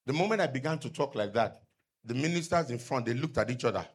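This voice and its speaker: A middle-aged male pastor, preaching a sermon with emphatic call-and-response and loud peaks. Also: medium pitch, expressive, quick pace, breathy edge.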